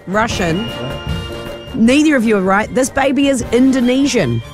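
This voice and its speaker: A woman's voice: a little high, expressive, moderate pace, music in the background. Teasing New radio host woman. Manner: teasing, laughs often. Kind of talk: breakfast radio banter.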